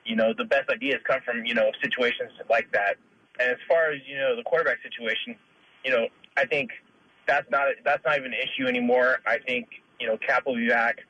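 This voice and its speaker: Husky man rambling over a dull phone line. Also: mid-range voice, lively intonation, fairly quick, pushed and bright, dry recording. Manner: rambling, full of "you know" fillers. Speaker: caller. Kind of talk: call-in opinion.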